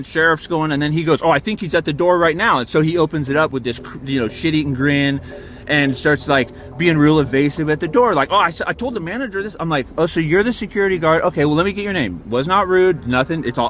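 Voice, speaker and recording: A man in a heated rush tells his side of a dispute. He swears and piles one clause onto the next, his voice sitting a little high. Faint background noise hums under him. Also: a bit bright. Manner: heated, profane, rapid storytelling. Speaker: RV park guest filming his own encounter. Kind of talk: agitated recounting and confrontation.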